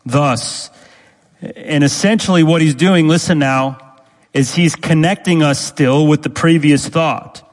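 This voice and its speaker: A man preaching a sermon as pastor, speaking deliberately and repeating key phrases for emphasis. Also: a little high, big-room sound, poor audio.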